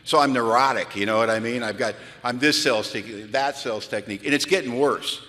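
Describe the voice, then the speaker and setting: A man speaking at a recovery retreat, telling animated, self-mocking stories to a crowd. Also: mid-range voice, fast. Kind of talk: storytelling talk at a retreat. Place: large event hall. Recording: long hall reverb from a large venue.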